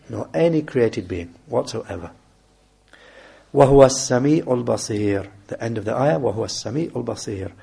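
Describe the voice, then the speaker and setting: A man teaching an Islamic text in a measured, deliberate way, reciting verses quickly in Arabic and then explaining them slowly. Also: mid-range voice, creaky, warm tone, breathy edge. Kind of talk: explaining a classical text in a lesson.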